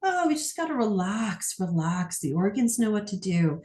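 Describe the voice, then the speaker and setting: A woman's voice: mid-range voice, sing-song, a little mellow. Woman, energy healer, guided healing session, soothing, sighing "oh"s, roomy echo. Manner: soothing, drawn-out sighing "oh"s, speaks feelings aloud.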